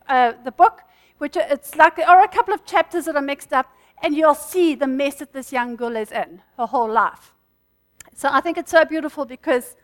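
A woman teaching a church group in an informal, fast-talking sermon, chatting with the listeners and laughing between points. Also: sits high, a bit bright. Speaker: church speaker.

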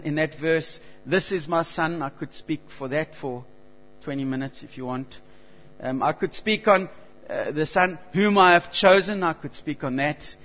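Male preacher, high voice, earnest and stop-start delivery, lo-fi hall recording with hum. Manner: earnest, halting, with frequent restarts and swells of emphasis. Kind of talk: sermon. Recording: dull lo-fi recording with long hall reverb and mains hum.

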